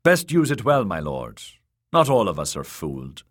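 A man voicing a proud, blunt older male lord who speaks gruffly and forcefully. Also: fairly low pitch, huge pitch swings, moderate pace. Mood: grudging. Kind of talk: audiobook character voice.

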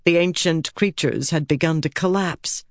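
A woman narrating a fantasy novel in an even, measured audiobook reading. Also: sits low, dry recording, clean studio sound.

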